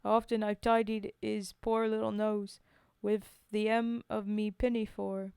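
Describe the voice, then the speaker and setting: A woman voicing a plucky Cockney wartime woman in a dramatic poetry reading, with a rough put-on accent. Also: medium pitch, little pitch movement, a little slow, a little mellow, no echo, studio quality. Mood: storytelling. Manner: rough, self-admittedly shaky accent in a sing-song reading.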